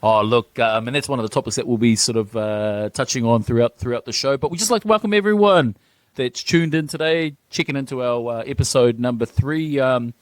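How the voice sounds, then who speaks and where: A man's voice: medium pitch, a little fast, dry recording. A man co-hosting a casual sports chat podcast, hyped and teasing, often saying "talk to me". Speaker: podcast co-host.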